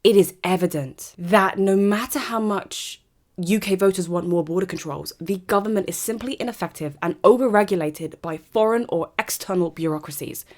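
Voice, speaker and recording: A woman's voice: medium pitch, moderate pace. Sarcastic ranting woman. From Britain. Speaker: podcast host. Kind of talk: opinionated monologue.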